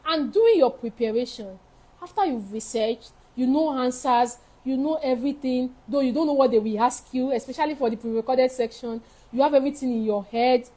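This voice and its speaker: Lady counselor, high voice, blunt and emphatic, says everything twice. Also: fairly quick, dark tone, low-quality recording. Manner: frank, emphatic, repeats key points. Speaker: study-abroad counselor. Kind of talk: live advice session answering viewer questions.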